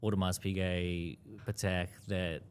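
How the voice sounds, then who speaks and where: A man's voice: deep voice, level tone, a little slow, slight background noise. A man being interviewed as an investor, talking casually, filling his speech with "yeah, yeah" and "you know" and laughing often. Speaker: investor guest.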